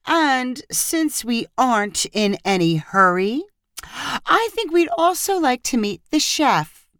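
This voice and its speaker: A woman's voice: high voice, sing-song, slow, a bit bright, no echo, clean studio sound, pitched above the performer's own voice, full character voice. Chandra, a wounded friend, read by a woman. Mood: smug. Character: hurt, indignant young woman friend.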